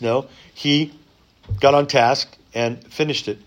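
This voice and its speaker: A man preaching a sermon in a conversational way, rising for emphasis and dropping to soft asides. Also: mid-range voice, flat delivery, a little slow. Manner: conversational, many fillers and restarts. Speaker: pastor.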